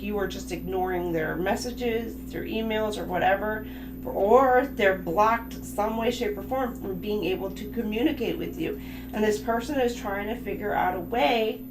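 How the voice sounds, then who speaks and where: A woman gives a livestream tarot reading in a chatty, emphatic way, blunt when she makes her points. Her voice sits at an ordinary pitch for a woman. The room rings with echo, and music plays behind her. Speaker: tarot reader. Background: background music.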